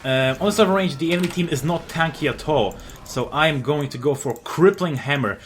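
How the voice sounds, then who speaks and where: A man giving live commentary over his own gameplay, explaining his moves, getting excited and swearing at enemies, with frequent fillers and restarts. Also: on the high side, a little fast, slight background noise.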